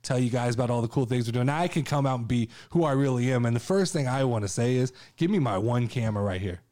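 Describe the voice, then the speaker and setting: A man hosting a casual show, ranting with excitement and plenty of swearing. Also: mid-range voice, fast talker. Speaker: podcast host. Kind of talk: casual chat.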